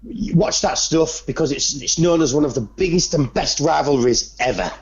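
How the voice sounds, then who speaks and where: A man with a gravelly voice co-hosting a casual podcast, talking loosely and straight to the listeners. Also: fairly high pitch, moderate pace, dull audio. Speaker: podcast co-host.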